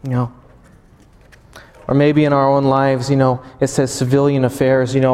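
A man, a pastor, preaching a sermon as animated storytelling and acting out voices. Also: mid-range voice, moderate pace, big-room sound.

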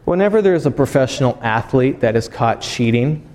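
A man, a pastor, preaching a sermon as animated storytelling and acting out voices. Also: mid-range voice, normal speed, long reverb tail, slight background noise.

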